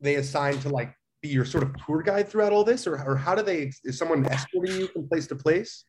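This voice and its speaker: A man's voice: a little high, brisk, a little mellow, a little hiss or hum. A man asking an interviewer's questions in a curious, casual way.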